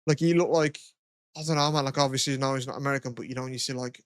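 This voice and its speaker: A man's voice: mid-range voice, steady tone, very fast, no room sound, studio quality. Sweary young man telling stories. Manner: sweary, rambling storyteller, laughs often. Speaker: podcast co-host. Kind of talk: casual chat.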